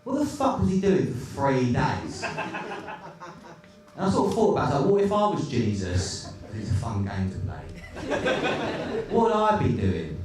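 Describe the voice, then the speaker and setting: A man's voice: medium pitch, very animated, normal speed, long pauses, recorded from a distance, a crowd in the background. A man doing a stand-up comedy set, crude, sardonic and rambling. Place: comedy club stage. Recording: echoey club, recorded from afar, noisy.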